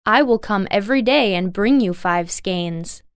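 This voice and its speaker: A woman's voice: medium pitch, unhurried, clear, resonant tone, no room sound, clean studio sound, close to an everyday voice. A woman voicing a small, sly male imp who bargains and teases in a storybook. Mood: teasing.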